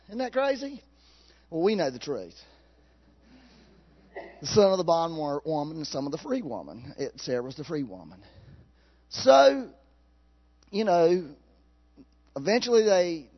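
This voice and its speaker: A man preaching a sermon in a folksy, animated way, laughing at his own jokes. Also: high-pitched, slightly rough, highs cut off.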